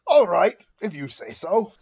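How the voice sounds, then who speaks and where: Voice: medium pitch, very animated, unhurried, vocal fry, darkish tone, husky, no echo, dull audio. A player in a tabletop game, talking casually in a hesitant, playful way.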